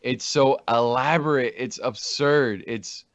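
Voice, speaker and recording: A man co-hosting a casual podcast, excitable as he chats. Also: medium pitch, takes it slowly, no echo, dull audio. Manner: excitable, lively. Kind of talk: casual chat.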